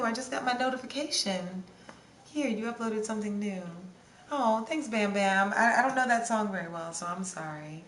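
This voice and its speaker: A woman's voice: mid-range voice, expressive, moderate pace, a bit bright. A young woman hosting a casual livestream, chatting loosely with viewers and reading their comments. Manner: chatty, scattered, answers song requests with bits of singing. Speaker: livestream host. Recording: roomy with faint ambient noise.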